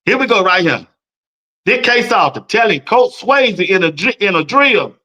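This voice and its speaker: Excited sports talk guy, bright punchy voice, swoops up and down a lot. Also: high voice, normal speed. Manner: animated, hyping, laughs between points. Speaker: sports talk show host. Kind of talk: casual sports commentary.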